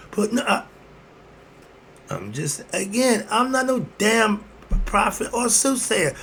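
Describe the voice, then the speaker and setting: A man giving an emphatic, preachy commentary monologue, firing off rhetorical questions and breaking into sudden loud bursts. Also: sits high, very animated, takes it slowly, pauses often, a little hiss or hum.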